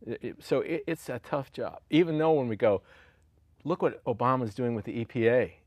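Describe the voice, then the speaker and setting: A man's voice: mid-range voice, normal speed, no room sound, muffled recording. A man in his sixties, a former politician telling stories in an interview, acting out the voices of people he quotes. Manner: animated, acts out quoted voices and laughs often. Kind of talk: storytelling interview.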